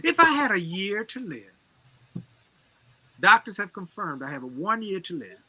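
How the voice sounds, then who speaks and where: A man's voice: high-pitched, sing-song, unhurried, pushed and bright, slightly rough. A man giving a motivational talk as an interview guest, driving his points home with emphatic, preacher-like repetition. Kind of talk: energetic motivational storytelling.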